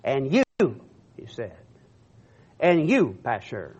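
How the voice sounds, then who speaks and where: High-voiced man preaching from scripture. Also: lively intonation, moderate pace, lo-fi sound. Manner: declaiming scripture with rising force, stammering repeats. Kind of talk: sermon reading scripture with commentary.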